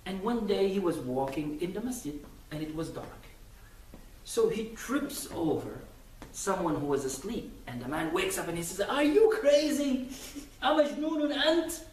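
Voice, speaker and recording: A man's voice: a little high, animated, moderate pace, darkish tone, a little hiss or hum. A man giving a Friday sermon, telling stories animatedly with acted quotes. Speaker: preacher. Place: mosque. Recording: echoey mosque hall from far off.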